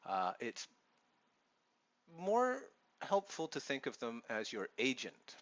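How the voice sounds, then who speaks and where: A man's voice: mid-range voice, animated, normal speed, a bit bright, muffled recording. Reassuring Canadian man giving advice. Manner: earnest, reassuring, explanatory. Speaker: online English teacher and vlogger. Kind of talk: advice vlog talking to camera.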